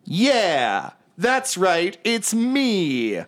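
A man's voice: high voice, sing-song, drawn-out words, a bit bright, pitched above the performer's own voice, exaggerated voice. A man voicing a vain, pompous young male bard who drags out his boasts. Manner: pompous, self-important drawl.

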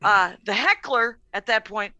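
Bright-voiced woman telling a wild story. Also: medium pitch, measured pace, dry recording. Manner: animated, laughing storyteller with profanity. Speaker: comedian guest. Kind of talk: casual storytelling on a podcast.

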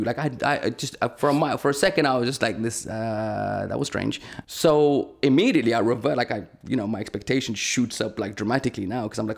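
Fast-talking gravelly man. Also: on the low side. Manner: animated, rambling with many fillers. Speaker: podcast guest. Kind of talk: casual storytelling.

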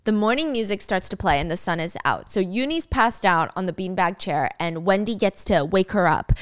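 A young woman casually retelling a drama's plot to viewers, animated, with playful asides. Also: mid-range voice, a little fast, few pauses. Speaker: video host retelling a drama. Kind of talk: casual story recap.

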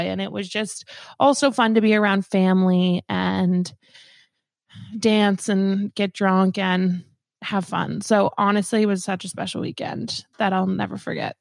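A woman's voice: medium pitch, a little slow, gravelly, dry recording, clean studio sound. A young adult woman co-hosting a podcast, chatting casually and emotionally with many fillers. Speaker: co-host. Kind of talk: casual chat.

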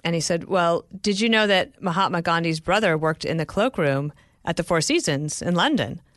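A woman's voice: fairly low pitch, animated, normal speed, a bit bright, no room sound, studio quality. A woman hosting an interview podcast, chatting in a friendly way and telling stories and jokes. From rural area. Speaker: podcast host. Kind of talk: casual interview chat.

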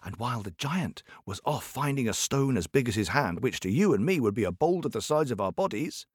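A man telling a folk tale to children in a playful, expressive way, speaking straight to his listeners. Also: medium pitch, slightly rough, no echo, clean studio sound. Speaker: storyteller. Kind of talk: animated storytelling for children.

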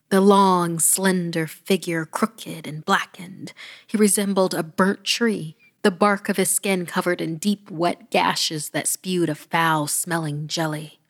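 A woman narrating a horror story in a hushed, often whispered and dramatic way. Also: fairly low pitch, fairly even intonation, takes it slowly.

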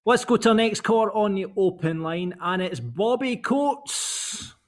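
A man's voice: sits high, expressive, unhurried. A man hosting a casual football chat podcast and taking callers, sounding laid-back and enthusiastic. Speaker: podcast host.

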